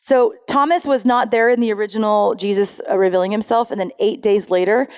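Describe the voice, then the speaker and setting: A woman's voice: medium pitch, steady tone, a little fast, clean tone. A woman pastor giving a sermon in a conversational way, reading scripture aloud and often correcting herself mid-sentence.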